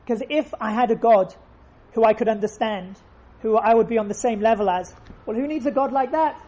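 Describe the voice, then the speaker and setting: A woman's voice: on the high side, brisk, dark tone. A woman giving an earnest faith lesson, telling stories and repeating phrases for emphasis. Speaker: religious teacher.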